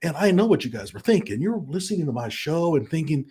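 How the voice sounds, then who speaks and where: A man's voice: on the high side, sing-song, quick pace, warm tone, husky. A man hosting a live stream, chatting casually and mockingly, with frequent laughs and fillers.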